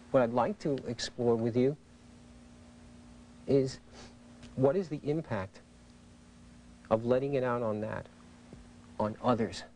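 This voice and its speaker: A male interviewer with a mellow, gravelly voice asks slow, reflective questions. A faint hum sits under the recording, and he keeps his measured, exploring tone throughout. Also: mid-range voice, poor audio. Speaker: clinical interviewer. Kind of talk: therapeutic interviewing.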